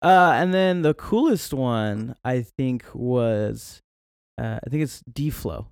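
A young adult man as a guest in a casual chat, telling stories in an animated way and laughing often. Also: mid-range voice, slow, creaky, clear, resonant tone, no room sound, clean studio sound. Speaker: podcast guest.

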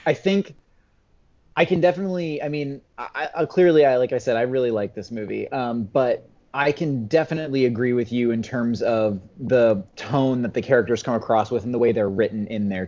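A man's voice: medium pitch, darkish tone, dull audio. A man talking through a film as a podcast guest in a rambling, hesitant way, often correcting himself. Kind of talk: casual film discussion.

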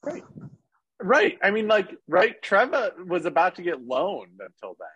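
A man co-hosting a podcast, talking in an animated, sarcastic way about football. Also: measured pace, husky, dry recording, lo-fi sound. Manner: animated, sarcastic, quotes others in lowered voices. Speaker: podcast co-host. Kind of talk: casual sports chat.

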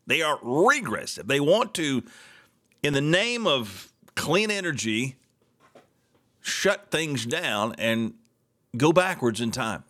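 A man's voice: mid-range voice, fairly bright tone. A middle-aged man hosting a solo talk show, ranting with sarcastic indignation.

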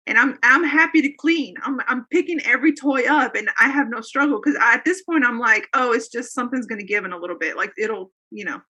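An earnest woman in her thirties or forties tells a personal story as an interview guest. Her voice sits fairly high and sounds bright and forceful. She rambles a little, circling back with fillers and restarts. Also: quick pace, hardly any pauses, husky. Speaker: guest telling a faith testimony. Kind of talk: casual conversational storytelling.

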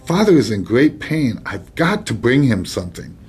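A man's voice: medium pitch, big pitch swings, normal speed, breathy edge, soft background music, heavily acted. A man voicing an eager worried boy. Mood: anxious, urgent.

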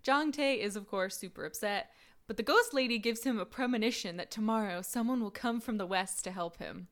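A woman with a fairly high voice co-hosts a casual podcast. She recaps drama episodes in a lively narrating way and laughs often between points. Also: a little fast.

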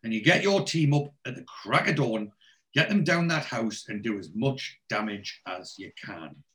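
A man's voice: mid-range voice, normal speed. A man on a podcast, recapping a TV series in casual chat, quoting the characters' dialogue with lots of fillers and restarts. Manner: animated storyteller, many fillers and restarts. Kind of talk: casual chat, retelling scenes with quoted dialogue.

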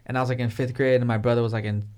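A young man talking fast and loose in a casual chat. He tells his stories full of slang and swearing. Now and then he acts out his friends' lines in a raised voice. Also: medium pitch, little pitch movement, darkish tone. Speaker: podcast guest.

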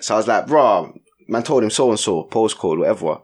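This young podcast co-host has a slightly rough, mid-range voice at normal speed. He tells an animated story in casual chat, leaning on slang and tags like "innit" and "you get me."

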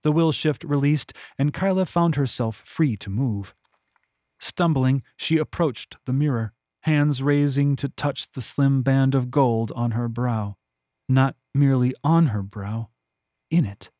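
Close-miked and dry with no room sound, this clip has a male audiobook narrator delivering scripted narration of his fantasy novel. He speaks in a measured, level storytelling manner at an everyday middle pitch.

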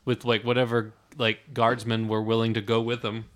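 A man's voice: medium pitch, completely flat delivery, moderate pace. A man in casual movie chat, enthusiastic and often trailing off while searching for words.

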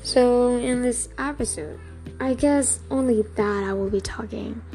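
A young woman hosting a casual solo podcast, talking haltingly with many fillers and restarts. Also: on the high side, mellow, faint music behind. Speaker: podcast host.

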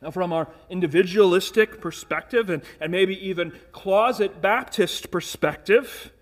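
High-voiced man preaching earnestly. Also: normal speed. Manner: earnest, emphatic preaching with rhetorical questions and word repeats. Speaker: pastor. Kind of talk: sermon.

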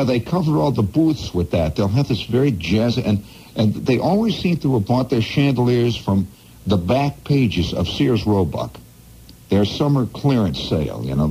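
A radio host from the Midwest telling a rambling, digressive story in a wry, playful way, full of asides. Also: male voice, on the low side, dark tone, slightly rough, low-quality recording. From American Midwest.

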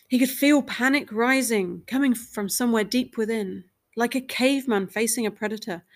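A woman reading a short dramatic story aloud in measured, even scripted narration. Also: on the high side.

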